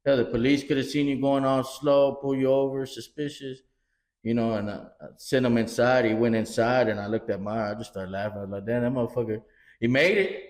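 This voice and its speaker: Brisk and medium-pitched, a middle-aged podcast co-host relays family stories in casual chat. He swears frequently and dramatizes quotes as an animated storyteller, with roomy echo in the recording.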